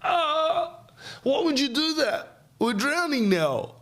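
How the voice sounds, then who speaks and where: A man's voice: extremely high pitch, big pitch swings, takes it slowly, fairly bright tone, voice pushed up, full character voice. A man voicing a wary, stubborn male frog with a slangy, laid-back way of talking. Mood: panicked. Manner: laid-back, slangy, shrieking when hurt.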